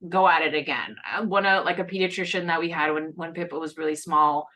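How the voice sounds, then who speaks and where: A woman with a slightly low, bright voice hosts a casual conversation over a video call. She talks in a chatty, reassuring way, full of fillers and restarts. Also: steady tone, fast. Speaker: host.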